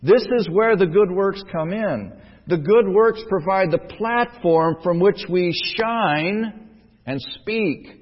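A man's voice: high-pitched, slow. Preaching man in an echoing sanctuary. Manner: earnest preaching with rhetorical questions. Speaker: pastor. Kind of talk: sermon. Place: church sanctuary. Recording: muffled sound in a reverberant sanctuary.

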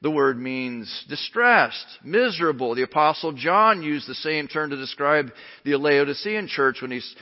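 A man's voice: on the high side, expressive, measured pace. A man preaching a sermon as pastor, emphatic and earnest. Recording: lo-fi recording in a reverberant hall.

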